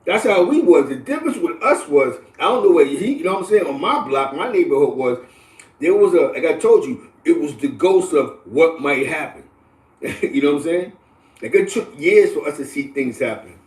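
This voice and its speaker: Speaking at normal speed, this middle-aged Bronx, New York livestream host has a fairly high voice and lectures his audience in energetic street slang, often tossing in "you know what I'm saying." The casual stream sounds roomy, with him sitting well back from the mic in an empty-sounding space.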